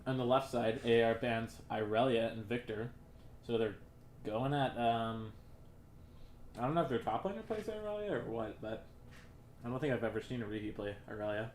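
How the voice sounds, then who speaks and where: A man casting a video game match in a casual, relaxed way, with frequent fillers. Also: medium pitch, normal speed, roomy sound, slight background noise. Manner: relaxed, hesitant with many fillers. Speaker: esports caster. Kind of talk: casual esports commentary.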